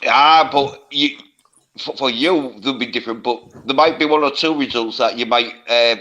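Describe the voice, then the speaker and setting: A man's voice: mid-range voice, moderate pace, sharp tone, muffled recording. A man co-hosting a casual livestream chat, rambling and hesitant, full of fillers.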